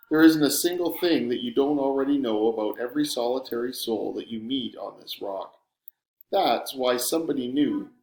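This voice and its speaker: A man narrating a first-person story with a sardonic, wry edge, at a middle pitch for a man. The recording has a clearly roomy echo around the voice. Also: darkish tone. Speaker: audiobook narrator.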